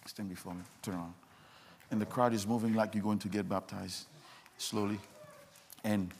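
A man's voice: fairly low pitch, vocal fry, breathy edge. A man preaching a sermon as pastor, repeating insistent questions to the congregation.

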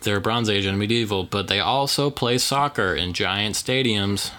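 A man co-hosting a movie podcast talks in a loose, rambling way, full of fillers and dry jokes. His voice sits a little low, with a bright, forceful edge. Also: moderate pace. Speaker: podcast co-host. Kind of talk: casual movie review chat.

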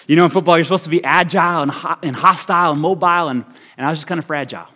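Male preacher with a high voice, humorous and energetic, moving from big hype to near-hush; in a large auditorium. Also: racing. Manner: energetic and humorous, swinging from loud hype to hushed, quiet delivery. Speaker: pastor. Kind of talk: sermon. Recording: reverberant hall.

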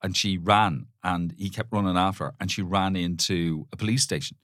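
A man's voice: deep voice, moderate pace, no room sound, clean studio sound. A man in his sixties co-hosting a podcast, telling jokey anecdotes in casual chat. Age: 60s. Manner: lively, jokey anecdote teller. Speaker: podcast co-host.

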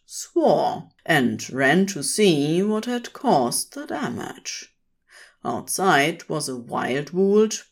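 A woman reading fan fiction aloud as a podfic, with expressive storytelling. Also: on the low side. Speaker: podfic reader.

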